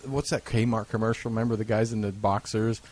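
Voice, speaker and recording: A man's voice: lowish voice, little pitch movement, fairly quick. Brief: chatty male radio host, jokes with guests, busy crowd noise in the background. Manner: jokey, chatty, laughs along. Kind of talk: casual interview chat.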